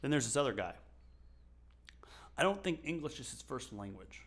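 A man's voice: medium pitch, very animated, normal speed, fairly bright tone. A man in his twenties co-hosting a podcast, joking and rambling in casual chat. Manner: jokey, rambling, teasing. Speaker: podcast co-host.

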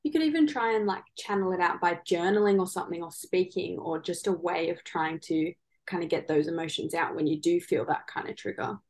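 A woman's voice: on the low side, brisk, hardly any pauses, a little mellow. A woman hosting a podcast, chatting casually and agreeably with her guest. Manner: agreeable, casual, uses "like" and "kind of". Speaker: podcast host. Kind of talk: conversational podcast interview.

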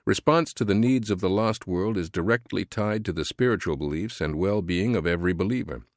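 A man reading a Christian missions book aloud as an audiobook, in an earnest, measured, preaching tone. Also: low voice, no echo. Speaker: audiobook narrator. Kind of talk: scripted audiobook narration.

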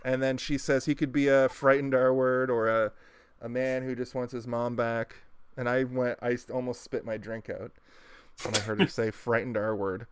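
A man's voice: medium pitch, flat delivery, normal speed, slight background noise. A man co-hosting a podcast, recapping a movie in casual chat, rambling with lots of fillers and restarts. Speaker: podcast co-host.

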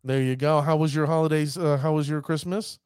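A man hosting a podcast with a somewhat high voice, hyping things up like a showman and stretching words for emphasis. The sound is dry and close, with no room in it. He keeps a loose, chatty manner between the big announcements. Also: steady tone, a little mellow, smooth, no room sound. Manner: showman-like hype, drawn-out emphasis. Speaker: podcast host. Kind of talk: casual podcast chat.

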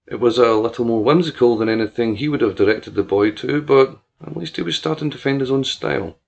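A man reading a scripted serial story aloud in an even, steady manner. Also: mid-range voice, brisk, vocal fry.

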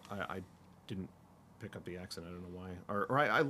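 A man's voice: sits low, fast talker, pushed and bright, slight background noise. A man in his fifties chatting casually, telling long rambling stories full of fillers and restarts. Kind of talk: casual chat.

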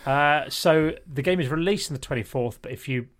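A man's voice: a little high, moderate pace. A man co-hosting a podcast in casual chat, talkative and self-mocking, often laughing. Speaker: podcast co-host.

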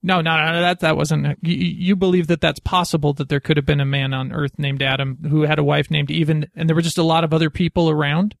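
A man with a gravelly, fry-laden voice, a little higher than most, presses with pointed questions. The sound is dry and close. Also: flat delivery, brisk, few pauses, no echo. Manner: probing questions, joking. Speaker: podcast panelist. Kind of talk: casual chat.

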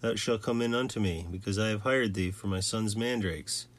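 A rivalrous ancient wife longing for her husband's love, read by a man. The voice sits low and is read plainly and steadily, like a storybook passage. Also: normal speed, lightly acted. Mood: earnest.

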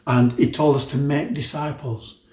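A man's voice: mid-range voice, fairly even intonation, moderate pace, darkish tone. Preaching man in an echoey room. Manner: earnest, conversational preaching with frequent "you know" asides. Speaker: pastor. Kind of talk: sermon.

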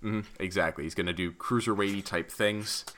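A man co-hosting a casual podcast chat, swearing freely and ranting with animated exasperation. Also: low voice, a little fast, slight background noise. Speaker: podcast co-host.

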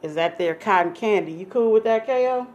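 A woman's voice: mid-range voice, fairly quick, a little mellow, lo-fi sound. A young woman from California hosting a casual radio interview, chatty and playful, who calls herself nosy. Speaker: radio show host.

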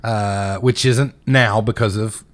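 A man's voice: on the low side, steady tone, takes it slowly. A young man co-hosting a casual podcast chat, joking and rambling, often breaking into laughter. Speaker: podcast co-host.

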